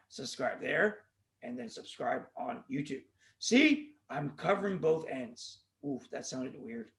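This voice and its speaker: High voiced guy rambling on his podcast, goofy, all over the place with jokes and plugs. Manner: jokey, goes off on tangents, plugs the show. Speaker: podcast host. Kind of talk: casual rambling monologue.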